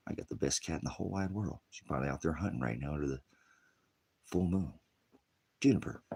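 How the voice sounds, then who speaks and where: A man's voice: a bass voice, fast, gravelly, a little mellow, husky. A retired male pastor preaching in a rambling, combative rant that jumps from topic to topic. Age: older.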